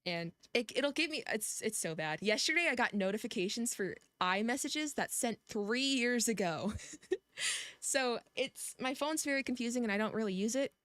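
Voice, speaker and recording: A woman's voice: fairly high pitch, lively intonation, moderate pace, fairly bright tone, no room sound. A woman streaming a game, chatting casually in a rambling way with many restarts. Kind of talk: casual gameplay commentary.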